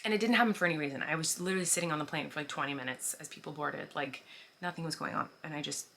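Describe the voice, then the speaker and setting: Racing along in a low, creaky voice that sounds pushed and bright, this thirtysomething vlogger answers questions from her viewers in a relaxed chat to camera. She fills her speech with "like" and "um" and slips in small laughs. There's a little background noise.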